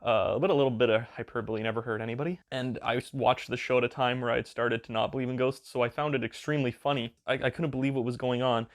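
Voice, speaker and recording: A man rambles through a casual commentary, swearing and exaggerating for laughs. His voice sits at an ordinary middle pitch, and his talk is loose and full of fillers. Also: fairly even intonation, fast talker, hardly any pauses. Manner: crude, joking, hyperbolic, with lots of fillers. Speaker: video creator.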